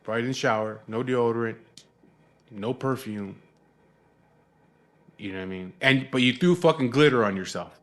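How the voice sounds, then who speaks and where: A man's voice: medium pitch, moderate pace, long pauses, fairly bright tone. A man telling a long story in a casual, rambling way, swearing often and sounding exasperated.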